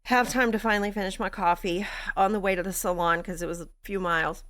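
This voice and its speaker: A woman with a Texan accent, a grief coach and podcast host telling a story in a blunt, profane, animated way. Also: medium pitch, quick pace. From Texas. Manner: animated, blunt and profane, laughs between lines. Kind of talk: candid storytelling monologue.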